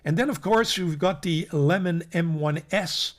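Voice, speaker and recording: Man, slightly higher voice, casual rambling host, lots of ums and restarts, talks to viewers as folks. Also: unhurried. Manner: rambling, many fillers and restarts. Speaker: fountain pen channel host. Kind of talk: casual product roundup.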